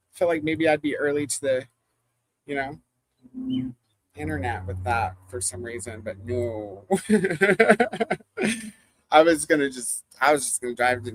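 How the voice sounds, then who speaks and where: Here's a medium-pitched host on a livestream, talking loosely with the audience, wandering off topic, laughing a lot and reading viewer comments aloud. No room sound is audible.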